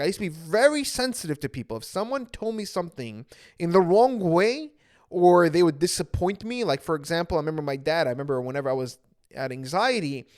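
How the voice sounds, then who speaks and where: A man's voice: fairly high pitch, no room sound, studio quality. A young man, an anxiety coach, earnestly telling his own story to viewers and repeating phrases for emphasis.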